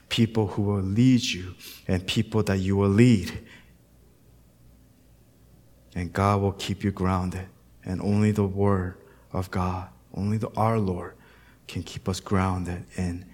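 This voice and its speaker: A man's voice: deep voice, darkish tone. A man, a pastor, preaching a sermon in a conversational way with storytelling asides.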